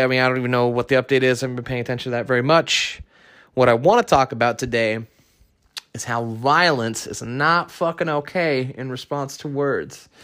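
A young man talks alone into the mic as host of his own show, blunt and opinionated, swearing freely in loose, casual speech. His voice sits in an ordinary middle pitch. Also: a bit bright. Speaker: podcast host. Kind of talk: casual solo podcast rant.

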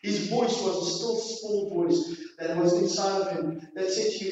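Pastor guy preaching loud then hushed, heard from far off in a big hall. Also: high-pitched, fairly even intonation, measured pace. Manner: preaching with rising, emphatic exhortation and quiet dramatic drops. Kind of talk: sermon. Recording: distant, echoey hall, dull sound.

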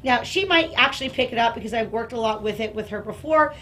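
A woman dog trainer explaining and demonstrating toys, breaking into excited praise for her dog. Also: fast, slight background noise. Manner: upbeat, bursts into high excited praise for the dog.

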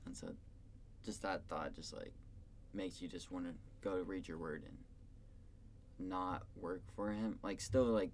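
A young adult man hosting a podcast, reflective and soft-spoken, with many "like" fillers. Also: low voice, fairly even intonation, a little slow, pauses often, slight background noise. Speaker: podcast host. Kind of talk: casual faith conversation.

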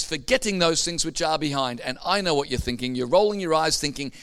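A man preaches to his congregation, his voice sitting a little high for a man. He tells stories in a loose, chatty way, then builds up to emphatic, punchy points. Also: lively intonation, brisk, few pauses, fairly bright tone. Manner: storytelling, building to emphatic peaks. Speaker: pastor. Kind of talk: sermon.

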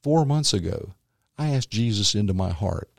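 A man, a former magician and comedian turned minister, tells his faith story as an interview guest, animated and acting out the voices of others. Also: fairly low pitch, moderate pace, gravelly, no room sound, clean studio sound. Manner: animated storyteller who acts out quotes. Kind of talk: personal faith testimony in conversation.

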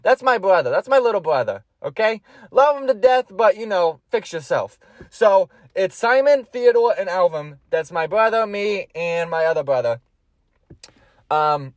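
A young man talks through his solo podcast in a loose, rambling, profane way and keeps cracking himself up. His voice sits high for a man. The recording is close and dry. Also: lively intonation, measured pace, no echo. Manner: rambling, profane, laughs often. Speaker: podcast host.

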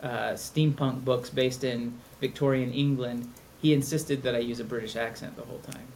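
A man's voice: mid-range voice, fairly even intonation, normal speed, a little mellow. Brief: middle-aged man, podcast co-host, rambling and jokey, faint noise behind. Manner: joking, rambling. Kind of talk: casual chat.

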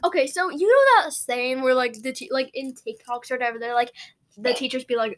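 Brief: young woman podcast co-host, rambling storyteller, giggly, slightly high voice. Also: expressive, normal speed, a bit bright. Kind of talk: casual chat.

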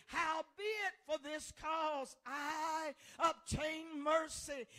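A woman's voice: sits high, a bit bright. A woman preaching a fervent sermon, hollering and repeating her phrases. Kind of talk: shouted Pentecostal-style sermon.

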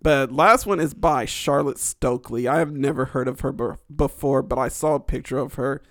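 A man's voice: mid-range voice, normal speed, fairly bright tone, dry recording, studio quality. A young man hosting a podcast alone, rambling crudely with lots of fillers and frequent laughter. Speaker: podcast host. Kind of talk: casual solo podcast storytelling.

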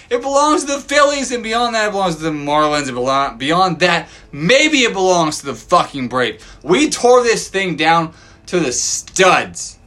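A man hosting a podcast from his backyard, ranting profanely as a sports fan and swinging from loud outbursts to low mutters. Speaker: podcast host. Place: home backyard.

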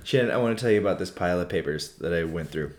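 A man's voice: low voice, animated, very fast, darkish tone. A young man hosting a podcast, chatting casually and joking, often laughing. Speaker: podcast host. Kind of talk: casual chat.

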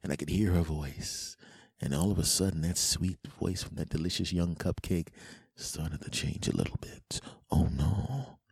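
Deep-voiced man telling a comic story. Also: steady tone, moderate pace, creaky, breathy edge, no echo. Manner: rambling, repeats himself for comic effect. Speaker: podcast host.

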